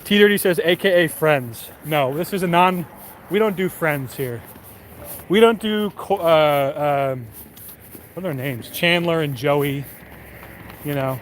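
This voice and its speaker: A man's voice: fairly high pitch, unhurried, pauses often, a little hiss or hum. A young man live streaming while walking a city street at night, chatting casually and profanely with his viewers. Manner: rambling and profane.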